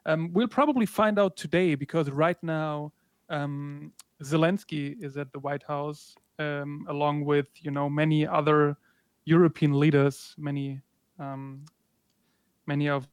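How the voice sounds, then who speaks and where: A man's voice: a little high, fairly even intonation, unhurried, clean tone, dry recording. Hesitant male interviewer, dry sound. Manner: hesitant, many ums and restarts. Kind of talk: casual conversation.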